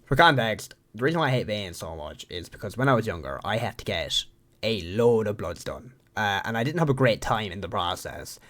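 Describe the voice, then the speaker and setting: A man's voice: lowish voice, lively intonation, a little fast, fairly bright tone. A young Irish man telling a story to camera in a rambling, profane, self-mocking way. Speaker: vlogger.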